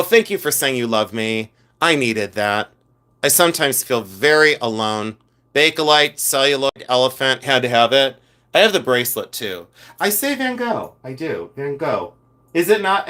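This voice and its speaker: A man hosting a live stream, chatting casually and campily about his jewelry collection and answering viewers' comments. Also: medium pitch. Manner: chatty, campy, animated, talks to viewers' comments. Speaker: podcast host and jewelry collector.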